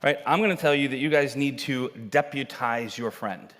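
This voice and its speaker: A male pastor preaching a sermon, telling Bible stories with animated acted-out dialogue. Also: medium pitch, moderate pace. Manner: animated storytelling, acting out characters' lines. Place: church sanctuary. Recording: long hall reverb.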